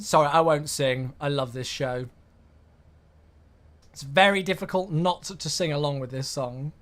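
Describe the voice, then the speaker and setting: A man's voice: fairly high pitch, expressive, moderate pace. A young man, chatting casually on a flight-sim live stream and thanking viewers by name.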